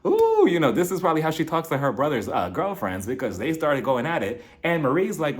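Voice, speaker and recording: Man, animated gossipy recap host, higher-pitched voice, very expressive up and down, laughs a lot. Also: fairly quick. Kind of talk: casual recap commentary.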